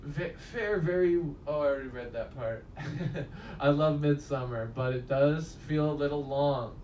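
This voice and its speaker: A man's voice: fairly high pitch, measured pace, darkish tone, far from the mic. Rambling, profane man reviewing a movie. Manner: rambling, profane, laughs at his own stories. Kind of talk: casual spoken film review. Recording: roomy echo, voice a bit off-mic, faint room noise.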